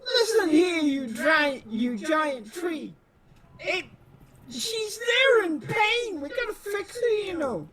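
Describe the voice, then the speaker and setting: A man's voice: extremely high pitch, very animated, slow pace, fairly bright tone, full character voice. A man voicing a fussy, caring male adventurer in a tabletop game, rambling and emotional. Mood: pleading. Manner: rambling, emotional, tea-loving banter.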